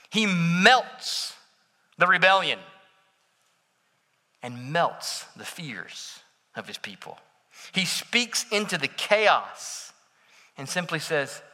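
Male pastor, sermon delivery, bright tense tone, slow deliberate pace, dynamic swings to near-whisper, long hall reverb. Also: high voice. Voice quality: dramatic shifts between loud declaration and soft near-whisper.

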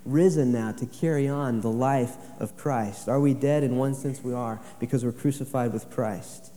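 A man preaching with fervor, his mellow, darkish voice rising and pressing hard on each scripture line. The sound rings out with a long reverb, like a big sanctuary. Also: medium pitch, normal speed. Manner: impassioned preaching, reading scripture aloud with rising emphasis. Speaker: pastor. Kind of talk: sermon.

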